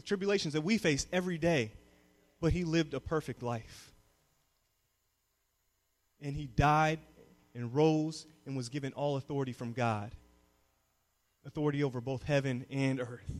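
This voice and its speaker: Young man, youth pastor, sermon, high-pitched, call-and-response, echoing church hall. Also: moderate pace, long pauses. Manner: builds from calm teaching to loud call-and-response. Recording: long reverb of a hall.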